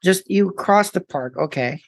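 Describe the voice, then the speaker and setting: A woman's voice: lowish voice, expressive, measured pace, dry recording. A woman co-hosting a podcast, dropping dry remarks and questions in casual chat.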